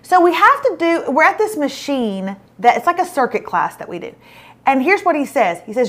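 Animated woman telling a story. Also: high-pitched, normal speed. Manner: animated, self-mocking storyteller. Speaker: show host. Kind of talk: casual storytelling chat.

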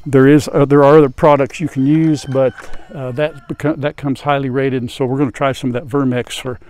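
Older man gently talking to his hens. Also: medium pitch, little pitch movement, a little fast. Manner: gentle, soothing talk to his hens, hushed at times. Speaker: farm vlogger. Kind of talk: casual farm vlog. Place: outdoors at a chicken coop. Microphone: lapel mic. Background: hens clucking, rooster.

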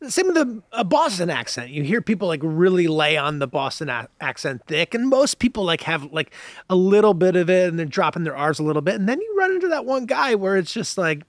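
A man's voice: high-pitched, sing-song, fairly quick, no echo, studio quality. A man co-hosting a podcast, bantering playfully and laughing in casual chat. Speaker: podcast co-host.

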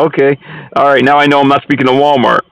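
A man's voice: medium pitch, fairly bright tone, smooth, no echo. A man making a casual prank phone call, teasing the person on the line and mixing in broken Hindi phrases. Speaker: scam-baiting prank caller.

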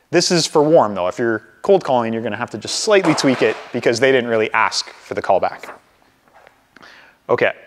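A man leading a live sales training session for a group, coaching in an energetic way and acting out phone calls. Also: a little high, big-room sound. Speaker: real estate sales trainer.

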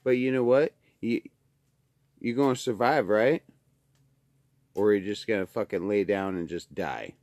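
A man's voice: fairly low pitch, a little slow, long pauses, dry recording. Foul-mouthed man ranting at home. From Alaska. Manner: profane, swearing constantly, grows into loud angry ranting. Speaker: vlogger. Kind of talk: casual ranting monologue. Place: home kitchen by a wood stove, indoors.

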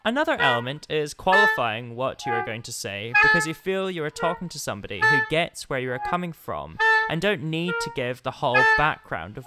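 A man narrates a scripted explainer in a measured, wry way. His pitch moves freely and expressively from phrase to phrase. Loud oboe playing sits right under his voice. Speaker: composer narrating a video essay. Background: loud oboe music.

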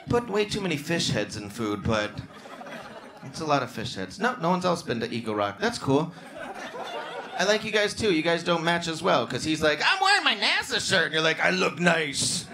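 A male stand-up comedian doing crowd work on a club stage, bantering with the audience and breaking into loud, excited outbursts. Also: on the high side. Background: audience laughter and club ambience.

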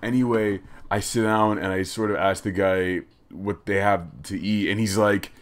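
A man with a fairly low voice hosts a casual live stream. He jokes and swears freely as he reads chat messages aloud. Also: fairly even intonation, normal speed, hardly any pauses, fairly bright tone. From United States.

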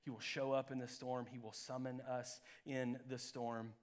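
A man preaching a live church sermon as pastor, swinging from loud peaks to hushed lows. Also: little pitch movement, normal speed. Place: church sanctuary.

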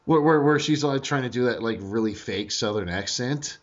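A man talks through a casual review chat with friends, tripping over his words in excited restarts. His voice sits at an ordinary pitch. The audio is dull and lo-fi. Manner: animated, stammering restarts, quick asides. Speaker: podcast host.

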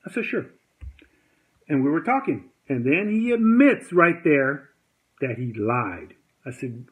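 A man's voice: on the high side, animated, normal speed. A man telling a heated story to camera in a rambling, agitated way, acting out the dialogue he quotes. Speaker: vlogger. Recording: tinny phone-like sound.

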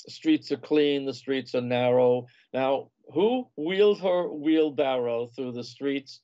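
A man's voice: medium pitch, takes it slowly, dark tone, dry recording, muffled recording. A man guest on an interview show, a food and travel writer telling leisurely, anecdotal stories in casual conversation.

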